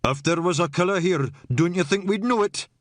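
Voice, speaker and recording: A man's voice: sits high, brisk, no room sound, pitched above the performer's own voice, lightly acted. A man voicing a blunt island ferry captain who bellows and brushes others off. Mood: defiant. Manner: bellowing, dismissive.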